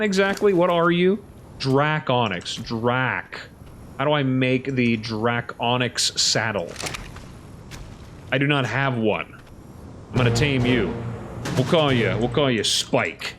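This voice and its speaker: A man giving excitable, chatty commentary while playing a survival game, talking to his creatures as he goes. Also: medium pitch, a little slow, slight background noise. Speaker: let's play host. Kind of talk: casual gameplay commentary.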